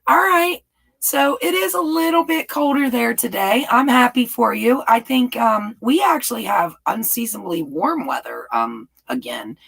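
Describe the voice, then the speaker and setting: A woman's voice: a little high, lively intonation, normal speed, creaky, fairly bright tone, breathy edge, low-quality recording. A woman hosting a rambling, casual live chat and reading viewer comments aloud. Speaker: livestream host.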